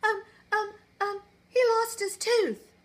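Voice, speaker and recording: A woman's voice: very high voice, fairly even intonation, slow pace, voice pushed up. A woman voicing a small, timid and tearful girl fairy in a storybook reading. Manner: soft, tearful, sweet.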